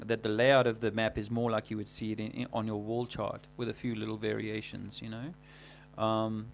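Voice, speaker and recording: A man hosting a livestream, talking casually in a rambling, halting way full of fillers and restarts. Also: lowish voice, level tone, vocal fry, a little hiss or hum. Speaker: livestream host.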